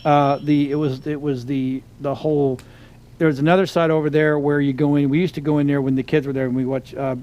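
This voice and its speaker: A middle-aged man co-hosting a relaxed chat, his voice sitting a little high. He rambles through stories, restarting sentences and reaching for words as he goes. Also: a little fast, lo-fi sound. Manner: rambling storyteller, many restarts and fillers. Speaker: podcast co-host. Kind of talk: casual chat.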